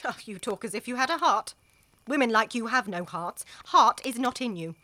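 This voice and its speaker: An actress with an English accent playing a proud, indignant young wife in a radio drama. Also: female voice, fairly high pitch, lively intonation, normal speed, sharp tone, no room sound. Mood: scornful. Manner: scornful, indignant.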